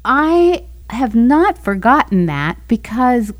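A woman relates a personal story as a talk show guest, unhurried and measured. Her delivery is slow, with laughter slipping in between her sentences. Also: fairly high pitch, big pitch swings. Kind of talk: testimony in a Christian talk show.

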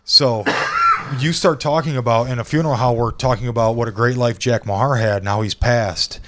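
A man's voice: medium pitch, fairly even intonation, normal speed, a bit bright. A middle-aged man co-hosting a casual podcast, telling a long, profane family story full of restarts. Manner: profane, rambling anecdotes with many restarts. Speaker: podcast co-host.

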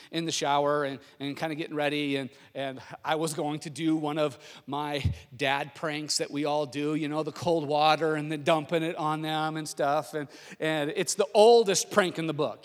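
Brief: high-pitched male pastor, animated sermon storyteller, long reverb from the church hall. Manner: animated storytelling, swinging from hushed to loud.

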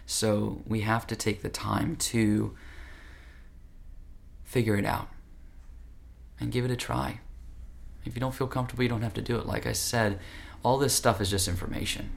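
A man's voice: fairly low pitch, gravelly. A man teaching yoga philosophy in an earnest, conversational, direct way. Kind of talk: spiritual talk.

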